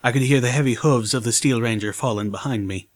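A man narrating a fan-made audiobook in the first person, his pitch sitting in the middle of the male range. His reading is measured and steady, with a storyteller's pacing.

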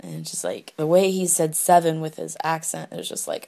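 A woman's voice: low voice, huge pitch swings, a little fast, gravelly, few pauses, mellow. A young woman chatting candidly into her phone, rambling and giggly with lots of fillers. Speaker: solo podcaster answering question prompts. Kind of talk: casual candid chat.

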